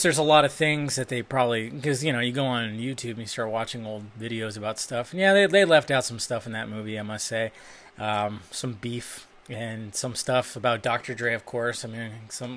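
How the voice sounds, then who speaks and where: A man rambles through film news on his own vlog, chatty and loose with plenty of casual swearing. His voice sits at an ordinary, middling pitch. He speaks close into a desk microphone in a dim room. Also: fairly bright tone. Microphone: desk microphone, webcam.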